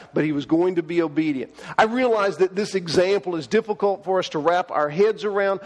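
A man's voice: high-pitched, big-room sound. A man preaching a sermon, telling the story in a folksy way with paraphrased dialogue, recorded in a church sanctuary. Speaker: pastor.

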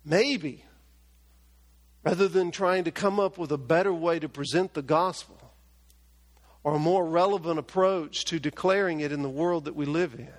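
A man's voice: fairly high pitch, moderate pace. A man preaching a sermon as pastor, with emphatic, building repetition in a church. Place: church hall. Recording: long reverb of a large hall.

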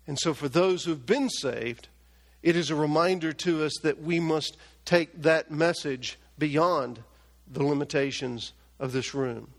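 High-voiced preacher in a reverberant hall. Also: male voice, a little slow. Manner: emphatic, building repetition. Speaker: pastor. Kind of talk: sermon. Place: church hall. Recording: long reverb of a large hall.

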